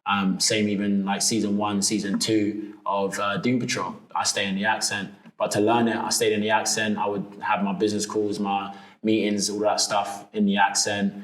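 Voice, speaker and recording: A man's voice: fairly low pitch, normal speed, few pauses. A young man from London with a London accent, chatting casually as an interview guest, with lots of fillers and restarts. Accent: London English. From London, England. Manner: relaxed, many fillers and restarts. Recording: echoey room.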